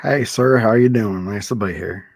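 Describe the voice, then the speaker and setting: Brief: man voicing halting, low-voiced male reporter, comic. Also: darkish tone, breathy edge, dry recording. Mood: drawling. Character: slow, drawling adult male magazine reporter. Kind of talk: comedy sketch, mock panel show.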